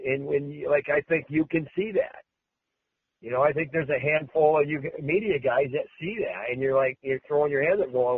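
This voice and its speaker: On a tinny, phone-like line, a male US wrestling coach fields interview questions at normal speed. His voice is husky and on the high side, the recording dry, and he speaks emphatically, repeating himself and restarting many times.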